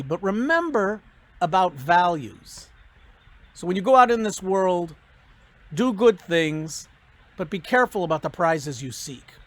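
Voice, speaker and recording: Brief: academic giving a recorded commencement speech, animated, storytelling. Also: medium pitch.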